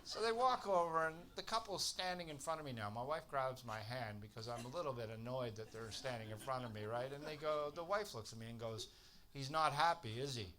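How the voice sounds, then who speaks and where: A man from Canada doing a stand-up set on a comedy club stage, telling exasperated stories that build to shouted punchlines. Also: mid-range voice, fairly quick, hardly any pauses. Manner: exasperated storytelling, swearing, rising to shouted punchlines. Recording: live club recording with audience noise.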